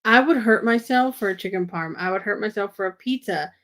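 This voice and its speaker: A woman's voice: medium pitch, brisk, fairly bright tone. Chatty woman from Texas. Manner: chatty storyteller, giggly. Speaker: co-host. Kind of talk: casual chat.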